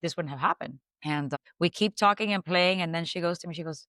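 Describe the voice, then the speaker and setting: A woman in her thirties, a podcast guest, recounting a personal loss in a halting way, restarts and soft fillers. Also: lowish voice, no echo. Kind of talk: emotional personal storytelling.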